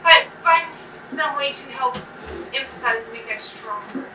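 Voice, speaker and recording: A woman running a tabletop game as game master, narrating in a slow, guiding way with small stutters. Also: high voice. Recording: echoey room, mic from a distance, noisy.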